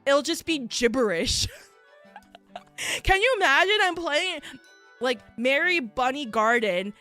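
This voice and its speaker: A young woman with a high, lively voice chats casually on a stream, rambling through her stories with lots of filler words and easy laughter. She speaks at an unhurried pace, with faint music playing softly behind her. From United States. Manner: rambling storytelling with many fillers and frequent laughter. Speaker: VTuber streamer. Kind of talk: casual chat.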